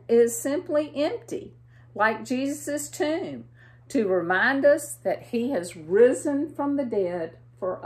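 A woman with a Southern American accent reading a storybook to children in a gentle, expressive way, asking them questions. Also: mid-range voice.

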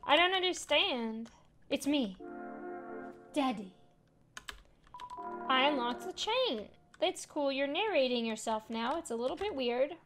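A woman's voice: high voice, lively intonation, a little slow, long pauses. A woman hosting a let's play, chatting casually and playfully while reading game text aloud over game music. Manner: playful, reads game text aloud, calls viewers fam. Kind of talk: casual gaming commentary.

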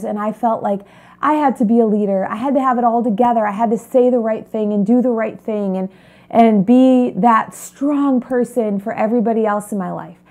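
A woman with a fairly high voice speaks straight to her viewers as a health coach. She sounds earnest and confiding, as if she were opening up to friends. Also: mellow. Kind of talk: personal testimony to camera.

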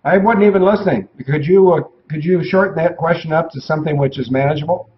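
A man's voice: fairly high pitch, fast. Older male co-host, anecdotal storyteller, roomy and dull-sounding recording. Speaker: retired military pilot and co-host. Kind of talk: casual storytelling chat.

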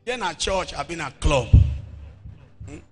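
High, bright-voiced Nigerian preacher. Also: male voice, measured pace, soft background music. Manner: animated, shouting, mimics people. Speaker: pastor. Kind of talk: deliverance sermon. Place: church.

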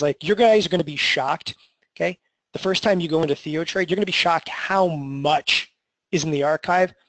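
Upbeat high-voiced man pitching a webinar. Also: no room sound, poor audio. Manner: energetic, salesy, tags lines with "okay?". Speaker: trading educator hosting a webinar.

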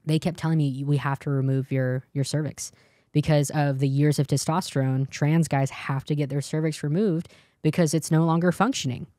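Deep and warm, with a steady tone and moderate pace, this young Californian woman shares her testimony in an interview. The dry recording is studio quality. She tells it earnestly, acting out what others in the story said.

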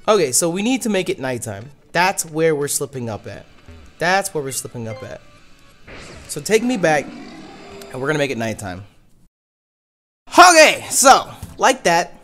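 Give me a man commentating his gameplay in a lively, exasperated way, with faint background music. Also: fairly high pitch. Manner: animated, exasperated, swears freely. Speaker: let's play host.

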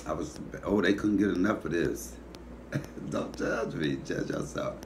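A man comedian talking in a casual comedic monologue, animated and profane, teasing his listeners. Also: deep voice, measured pace, slight background noise.

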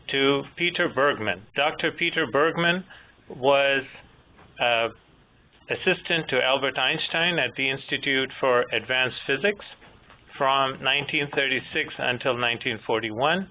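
A man in his fifties, moderator and presenter, giving a measured technical lecture with gentle humor. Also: mid-range voice. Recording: tinny phone-line audio with faint noise.

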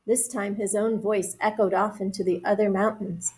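A woman's voice: medium pitch, fairly even intonation, husky, rough recording. A woman reading a storybook aloud to young children, explaining words and asking them questions. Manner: warm, slow, encouraging, explains words.

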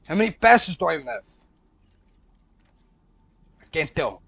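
A man hosting a let's play, reacting loudly and profanely, yelling at the game as he plays. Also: fairly high pitch, unhurried, creaky. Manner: excitable, profane, shouts at the game. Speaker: gaming channel host.

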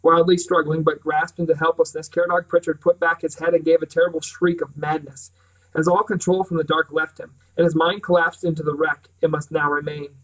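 A man reading a novel aloud with even, plain storytelling. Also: a little high, a little fast, distant mic, poor audio. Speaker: reader. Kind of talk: audiobook reading.

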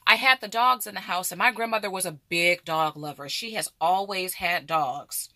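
A woman's voice: lowish voice, moderate pace, sharp tone, dry recording, clean studio sound. A middle-aged woman vlogger chatting animatedly and directly to her viewers. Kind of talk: casual chat to camera.

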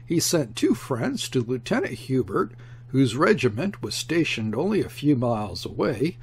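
A man reading a classic novel aloud as an audiobook narrator, expressive, and shifting his tone for the characters' quoted lines. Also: medium pitch, moderate pace, slight background noise. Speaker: audiobook reader. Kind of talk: scripted narration.

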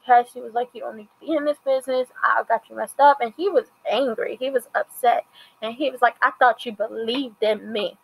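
A chatty woman reviews a TV episode, her voice sitting a little high. She retells scenes by acting out bits of dialogue, loose and conversational throughout. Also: brisk, creaky, rough recording. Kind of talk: casual recap and commentary.

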